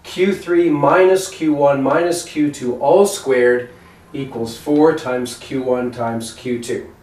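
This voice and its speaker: A man giving a measured, explanatory math lecture. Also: mid-range voice, recorded from a distance. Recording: echoey room, voice from off mic.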